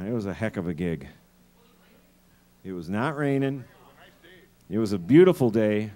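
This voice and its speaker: A man, probably a musician, calmly recalling an outdoor gig in an interview. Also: fairly low pitch.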